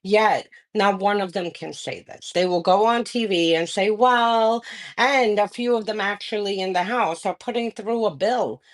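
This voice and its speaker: A woman's voice: mid-range voice, normal speed, few pauses. A woman guest on a political talk show, speaking bluntly and with scorn. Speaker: guest commentator.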